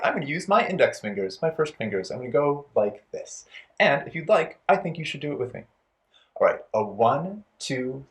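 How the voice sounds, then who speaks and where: A storytime host for young children, playful and encouraging, speaking directly to the kids and leading rhymes. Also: mid-range voice.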